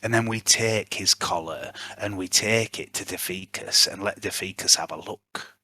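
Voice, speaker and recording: A man playing a calculating prisoner who plots an escape with his brother, speaking in a Yorkshire accent with a hushed, breathy delivery. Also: low-pitched, normal speed, exaggerated voice. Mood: scheming. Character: scheming male prisoner, calculating older brother. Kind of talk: tabletop role-play in character.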